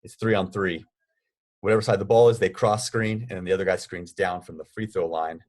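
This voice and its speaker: A man's voice: low voice, steady tone, fairly quick, a little mellow. A man co-hosting a casual podcast, explaining basketball drills step by step. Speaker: basketball coach, podcast co-host.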